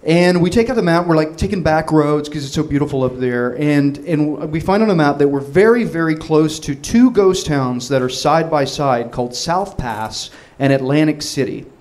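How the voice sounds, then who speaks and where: A man in his thirties tells a comic story with a voice pitched a little high. He rambles, restarts his sentences and laughs his way through the telling, all excitable energy. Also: moderate pace, hardly any pauses.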